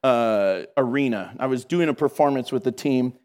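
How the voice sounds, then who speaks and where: A middle-aged man giving a storytelling sermon in a lively, conversational way, laughing at himself. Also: mid-range voice, normal speed. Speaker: Christian speaker.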